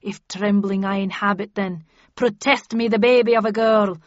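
A woman's voice: mid-range voice, steady tone, normal speed, no room sound, lo-fi sound, natural voice. A raging haunted king, as a woman declaims him. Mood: defiant. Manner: declamatory Shakespearean ranting. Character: furious haunted male king facing a ghost.

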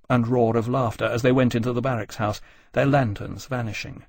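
A man narrating a novel in a measured, even reading. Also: mid-range voice, gravelly, no echo, clean studio sound. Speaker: audiobook narrator. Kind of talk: scripted narration.

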